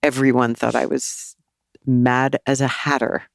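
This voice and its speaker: A woman in her sixties, a teacher and author talking as a podcast guest in an animated, casual way. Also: very deep voice, a little slow, vocal fry, no room sound. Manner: animated, acts out quoted voices and laughs often.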